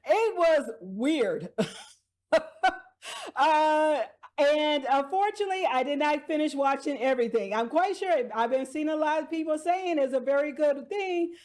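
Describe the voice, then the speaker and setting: A woman's voice: high voice, moderate pace, darkish tone. A woman vlogger casually recapping TV dramas, chatty, laughing often and restarting her sentences.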